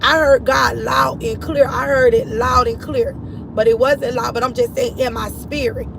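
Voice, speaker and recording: A woman's voice: on the high side, fairly even intonation, a little slow, creaky, a crowd in the background, rough recording. A middle-aged woman giving a personal testimony about her late son, earnest and repetitive, speaking to her listeners as y'all. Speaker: grieving mother sharing her story. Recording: outdoor street noise, vehicles passing.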